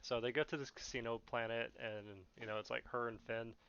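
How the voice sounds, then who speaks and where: A man's voice: mid-range voice, fairly even intonation, brisk, a bit bright, clear, resonant tone, lo-fi sound. A young man hosting a podcast, ranting in a casual, profane, mocking way and often laughing. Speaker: podcast host.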